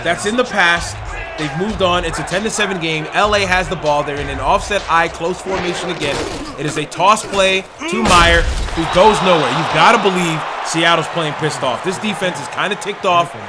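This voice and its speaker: Loud music runs under this man's high-sitting voice as he calls a football video game stream at a moderate pace. His play-by-play is excited, full of shouting and open complaints about the officiating.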